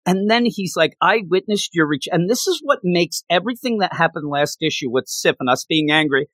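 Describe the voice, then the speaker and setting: Excitable male comic fan, high and bright, retells scenes animatedly. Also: fairly quick, no room sound. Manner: animated, laughs while retelling, acts out quotes. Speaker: comic book podcast co-host. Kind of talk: casual comic recap chat.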